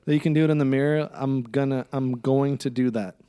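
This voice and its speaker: A man's voice: medium pitch, fairly even intonation, a little fast, warm tone, clean tone, dry recording, studio quality. A man co-hosting a podcast, talking candidly and casually and swearing now and then. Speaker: podcast co-host, yoga teacher. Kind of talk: podcast conversation.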